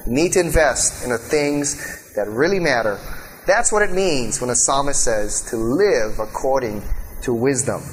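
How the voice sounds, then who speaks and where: Man, Bible teacher, conversational sermon, mid pitch, faint background hiss. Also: moderate pace, rough recording. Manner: earnest, conversational preaching with frequent "you know" asides. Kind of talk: sermon-style teaching talk.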